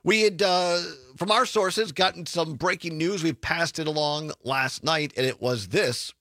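A man's voice: fairly high pitch, unhurried, no echo. A man, hosting a political talk radio show in a studio, chatty and sarcastic as he tells stories. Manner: chatty, sarcastic, animated storytelling.

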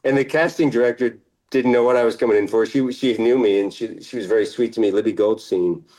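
A middle-aged man, an actor guest in a casual interview, relaxed and laughing often, sometimes trailing off mid-sentence. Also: medium pitch, fast, poor audio.

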